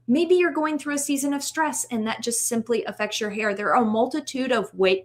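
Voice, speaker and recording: A playful woman co-hosts a casual chat podcast, cheering her listeners on with jokes. Her voice sits a little higher than most women's. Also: fairly bright tone. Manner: playful, encouraging, jokey. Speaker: podcast co-host.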